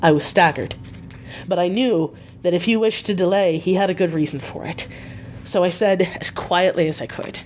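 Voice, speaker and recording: A woman reads a novel aloud in a steady, measured manner. Her voice sits somewhat low for a woman. A faint hiss runs under the reading. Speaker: audiobook reader. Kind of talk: scripted narration.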